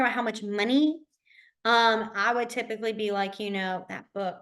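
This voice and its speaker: A young woman teaching a beginner sign language class in a casual, reassuring way. She says each sign aloud slowly and repeats it, with lots of fillers and restarts. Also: medium pitch, steady tone, a bit bright. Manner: says the signs aloud in slow repeated words.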